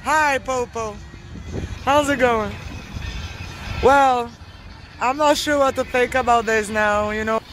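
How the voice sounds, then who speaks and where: A woman's voice: fairly high pitch, takes it slowly, pauses often, fairly bright tone, a little hiss or hum. A woman vlogging in a casual, rambling monologue, profane and offhand, laughing often as she talks outdoors on a street.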